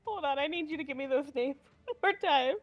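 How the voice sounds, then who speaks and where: A woman's voice: sits high, fairly quick, lo-fi sound, soft background music. A woman playing in a tabletop game over an online call, casual and chatty with many fillers. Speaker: player.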